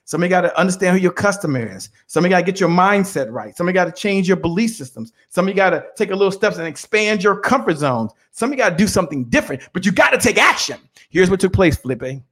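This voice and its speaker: A man's voice: high voice, lively intonation, fast, hardly any pauses, fairly bright tone. A man giving a fired-up motivational talk on a podcast, preaching with chants and call-and-response. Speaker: guest speaker. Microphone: remote call.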